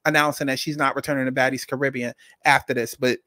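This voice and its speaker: A man's voice: medium pitch, little pitch movement, quick pace, sharp tone, dry recording, studio quality. A man hosting a commentary channel, talking bluntly and straight to his viewers. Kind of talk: casual commentary.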